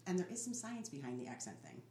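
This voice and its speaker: With a bass voice and a fast way of talking, a woman co-hosts a podcast, swapping casual stories and laughing as she tells them animatedly. The recording sounds echoey, with a bit of faint noise.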